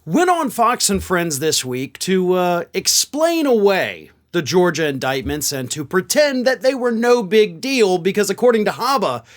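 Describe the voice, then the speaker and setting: A man's voice: high-pitched, big pitch swings, unhurried, hardly any pauses. A man delivering online political commentary in an incredulous, exasperated, scoffing manner.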